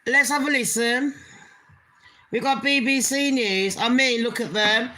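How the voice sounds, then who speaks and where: A woman's voice: on the high side, steady tone, measured pace, bright, forceful tone. A woman hosting her own channel, ranting bluntly in casual commentary and swearing heavily with open scorn. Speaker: channel host.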